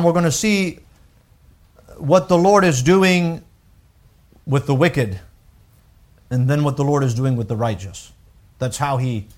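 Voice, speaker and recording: A man preaching a sermon with emphatic swings from loud declarations to hushed, drawn-out lines, repeating words as he works through a thought. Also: on the high side. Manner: unhurried, deliberate, with pauses and repeated words. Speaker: pastor.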